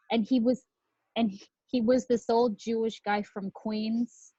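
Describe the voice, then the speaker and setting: A woman giving a storytelling talk as a podcast host, candid and quick to laugh, swearing freely. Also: on the high side, fairly even intonation, dark tone, husky, dry recording. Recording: dull lo-fi sound.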